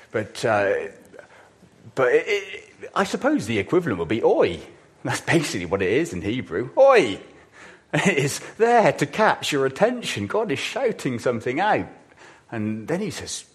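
A man preaching a sermon in a plodding, self-deprecating way, with sudden loud exclamations. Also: on the low side.

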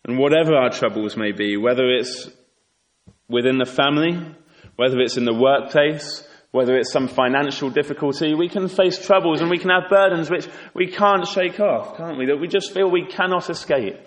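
A man's voice: on the high side, normal speed. A man preaching a sermon in an earnest, exhorting way, asking rhetorical questions. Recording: echoey hall with long reverb.

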